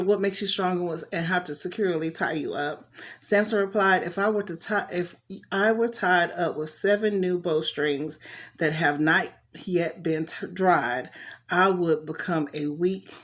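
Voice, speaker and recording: A woman reading a Bible story aloud in a casual way, stopping to comment on it in slangy asides. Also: lowish voice. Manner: chatty, talks back to the story with slang asides.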